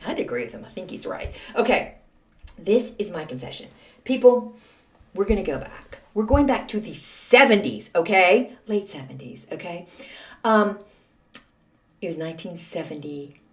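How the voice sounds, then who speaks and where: A woman's voice: mid-range voice, big pitch swings, normal speed. A woman in her sixties from Texas, hosting a podcast with a chatty, self-mocking, ranting monologue. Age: 60s. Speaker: podcast host. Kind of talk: casual monologue.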